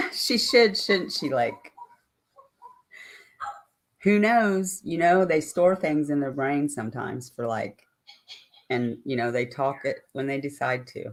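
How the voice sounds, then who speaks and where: Slow, rambling older woman chatting. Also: deep voice. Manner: rambling, chatty, answering viewer comments. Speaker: live-stream host. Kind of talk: casual live-stream chat with viewers.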